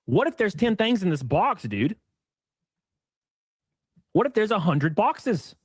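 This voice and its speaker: A man's voice: high voice, very animated, slow pace, slightly rough, no echo. A man co-hosting a casual commentary stream, chatty and reacting to the chat.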